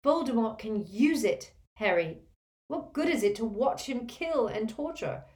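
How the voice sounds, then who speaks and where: Bossy smart teen girl, higher and lively, woman reader doing her. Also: measured pace, echoey room. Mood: insistent. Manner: insistent, scolding. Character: clever, earnest teenage girl.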